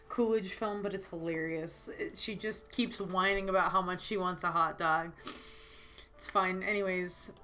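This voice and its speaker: A woman playing a story game on video, reading it aloud with excitable, dramatic reactions. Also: medium pitch. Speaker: let's play host. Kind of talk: reading a visual novel aloud with commentary.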